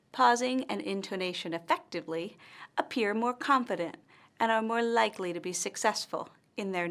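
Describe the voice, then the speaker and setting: Deliberate American woman teaching English. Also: medium pitch. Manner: slow, deliberate, carefully articulated delivery. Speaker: English instructor. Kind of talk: scripted teaching narration.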